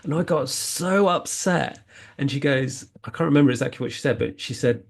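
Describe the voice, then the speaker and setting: A man's voice: mid-range voice, moderate pace, creaky. A man talking earnestly as a spiritual healing coach, rambling and often restarting his sentences. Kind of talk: casual spiritual talk.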